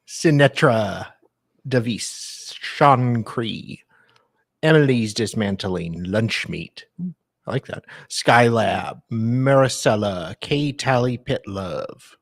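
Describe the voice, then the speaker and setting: A man's voice: medium pitch, expressive, slow, creaky, no echo. A man hosting a live stream reaction, laid-back, reading out and thanking viewers. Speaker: streamer host.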